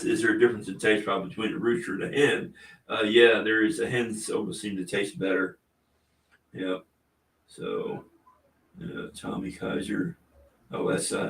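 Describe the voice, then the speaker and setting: A low-voiced man chats casually on his livestream, easygoing and rambling, with frequent chuckles. He sits a little back from the mic in an echoey indoor room. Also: distant mic, slight background noise. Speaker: livestream host.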